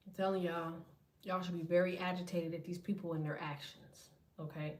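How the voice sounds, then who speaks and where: A woman hosting a tarot livestream, telling stories in a profane, animated way and acting out other people. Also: on the low side, brisk, recorded from a distance. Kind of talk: casual livestream rant.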